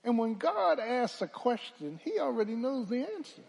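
A man pastor a sermon, swinging from hushed talk to loud calls and asking the congregation to answer back. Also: very high-pitched, big pitch swings, moderate pace, vocal fry. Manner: preaching with call-and-response, swelling from hushed to loud.

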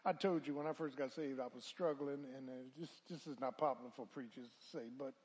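A male preacher delivering a call-and-response sermon, moving from hushed murmurs to loud, drawn-out calls. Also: mid-range voice.

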